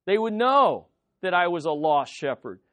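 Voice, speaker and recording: With dramatic emphasis, a pastor preaches a sermon in a medium-pitched, very animated voice at normal speed. They pose rhetorical questions to the congregation, call for amens, and alternate between loud, pressing lines and soft, hushed ones.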